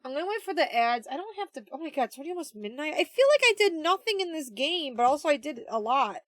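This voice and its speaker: A woman's voice: sits high, sing-song, fast, no echo. A woman streamer chatting casually with her viewers while playing, chatty and easily amused. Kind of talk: casual game livestream chat.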